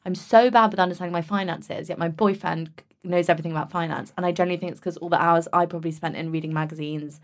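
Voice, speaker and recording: A woman's voice: on the low side, steady tone, fast. A woman hosting a podcast in casual conversation, chatty and frank with some swearing. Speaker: podcast host.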